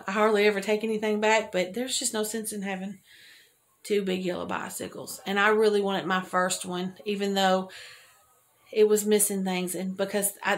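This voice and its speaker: An older woman vlogger telling a rambling, chatty story to her viewers and laughing at her own jokes. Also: medium pitch. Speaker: homesteading vlogger.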